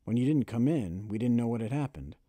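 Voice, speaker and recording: A man reading an audiobook, voicing a patient rural father who speaks in a slow, calm, gentle way. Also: medium pitch, no room sound, natural voice. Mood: calm fatherly.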